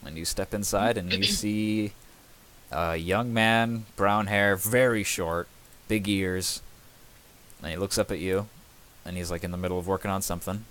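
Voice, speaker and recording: A man's voice: sits low, fairly even intonation, moderate pace, a bit bright. A man narrating as game master, rambling with many fillers.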